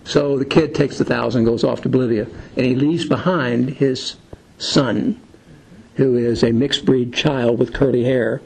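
A man's voice: mid-range voice, fairly even intonation, unhurried, gravelly, darkish tone, rough recording. A man leading a Bible study lesson in a conversational, rambling way, with many fillers and film scenes retold as illustrations.

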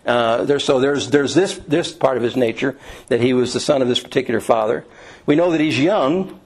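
A man's voice: mid-range voice, normal speed, low-quality recording. A middle-aged man leading an informal Bible study class, lecturing in a conversational way with frequent fillers and restarts.

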